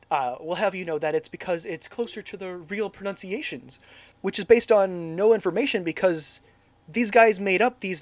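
A man's voice: sits high, no echo. A man ranting in an exasperated, casual way as he reviews a film with a co-host, often restarting his sentences.

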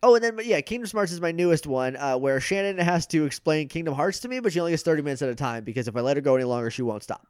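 A man guest on a podcast, chatting casually and plugging his shows with quick asides. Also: on the high side, animated, darkish tone, smooth, no room sound, clean studio sound.

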